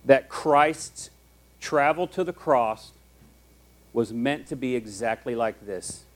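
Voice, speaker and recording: A man preaching a sermon as a pastor, telling the story in a conversational, animated way. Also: mid-range voice, takes it slowly.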